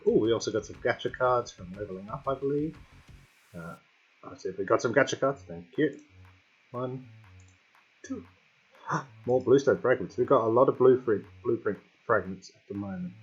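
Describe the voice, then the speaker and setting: A man's voice: on the low side, husky. A man hosting a gaming channel, chatting casually as he plays, talking to himself and the game. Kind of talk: casual let's-play commentary. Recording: slightly dull lo-fi home mic with faint music.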